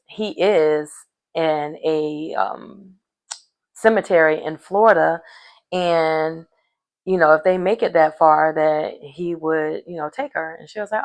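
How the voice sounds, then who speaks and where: A woman's voice: low-pitched, vocal fry. A woman recapping a reality show in a rambling, chatty way, full of fillers. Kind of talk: casual recap chat.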